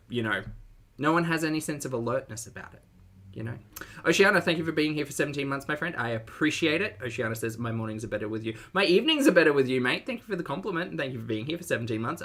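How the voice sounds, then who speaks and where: A man's voice: medium pitch, a bit bright. A man hosting a casual livestream commentary, chatty and sarcastic, laughing often and greeting his chat viewers.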